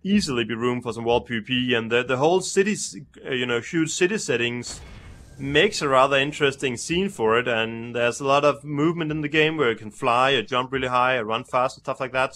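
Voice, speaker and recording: A young man with a mid-pitched, bright and forceful voice, easing through his thoughts with restarts and repeated words. He sounds relaxed in an unscripted conversation with a friend. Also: fairly quick. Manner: hesitant, repeats words while searching. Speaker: co-host. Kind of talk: casual game review chat.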